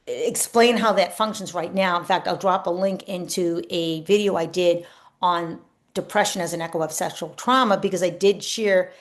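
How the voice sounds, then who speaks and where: Speaking to camera at medium pitch, a woman spiritual coach talks casually, earnest and reflective. Now and then she drifts into softly spoken affirmations.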